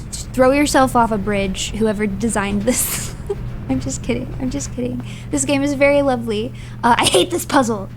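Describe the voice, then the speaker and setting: A woman's voice: fairly high pitch, normal speed, slight background noise. A woman streaming a game live. She reads hints aloud, then rants in playful mock outrage and repeats phrases for comic effect. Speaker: virtual streamer.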